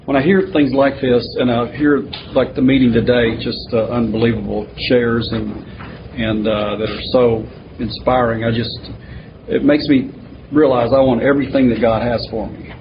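A man's voice: mid-range voice, steady tone, normal speed. A man in a recovery meeting earnestly sharing his struggle and asking a question, searching for words with many fillers. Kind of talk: sharing at a twelve-step meeting. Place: meeting room. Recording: muffled recording with audible hiss.

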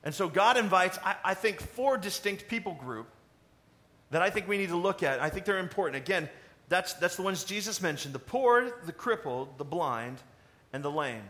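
A man preaching a sermon in a conversational, animated way, asking the congregation questions. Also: sits high, normal speed. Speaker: pastor.

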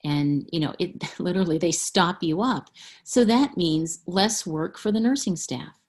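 A husky, lower-voiced middle-aged woman talks as an interview guest. She is frank and candid, often breaking into a laugh as she tells her story. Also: animated, unhurried, a little mellow. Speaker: author guest. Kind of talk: interview conversation.

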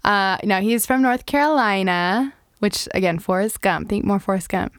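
A woman's voice: mid-range voice, normal speed, no echo, studio quality. A young woman co-hosting a casual podcast chat, talkative and teasing, laughing easily. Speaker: podcast co-host.

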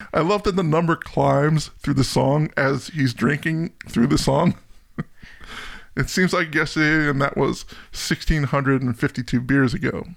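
A chatty man with a slightly high, gravelly voice talks through his picks in a relaxed podcast conversation. He laughs often and keeps an easygoing tone. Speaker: podcast co-host. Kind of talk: casual chat.

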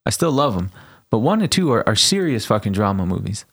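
Podcast co-host, male, low voice with lots of swing, swears and acts out scenes. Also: a little fast, slightly rough. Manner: animated, swearing, retells movie scenes. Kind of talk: casual chat.

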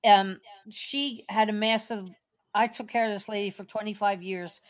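A woman's voice: mid-range voice, steady tone, normal speed. A middle-aged woman on a call-in faith program, telling a personal story in a rambling, tender, meandering way. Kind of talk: casual emotional storytelling.

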